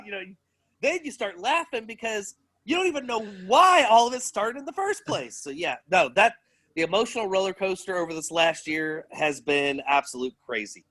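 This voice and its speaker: A man from the United States co-hosts a relaxed podcast chat, speaking openly and often laughing between his words. His voice is a bit higher than most men's. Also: normal speed. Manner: candid, laughs often while talking. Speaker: co-host. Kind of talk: casual chat.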